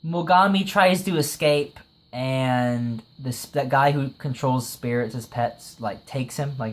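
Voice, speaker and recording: A man gushing through a casual episode review, voice sitting at an ordinary middle pitch. He laughs often, fills with "like," and slips into quick impressions of the characters as he retells the plot. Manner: excitable, laughs often, many "like" fillers; retells scenes with quick acted quotes. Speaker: anime reviewer.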